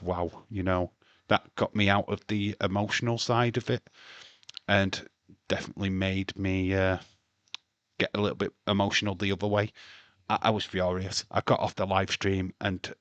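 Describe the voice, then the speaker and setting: A man's voice: on the low side, fairly even intonation, normal speed, no echo. A man hosting a wrestling livestream, chatting casually and ranting with plenty of swearing.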